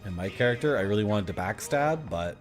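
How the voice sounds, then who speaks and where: A man's voice: on the low side, animated, brisk, faint music behind. A man in his thirties giving casual, rambling commentary as he streams a game, chatting to his viewers and laughing often.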